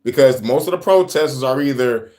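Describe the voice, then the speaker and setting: A young man with a New York accent, co-hosting a casual, profane podcast chat, animated and laughing often. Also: mid-range voice, a little fast. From New York, Bronx. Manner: animated, laughing, swearing, breaks into rap voices. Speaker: podcast co-host.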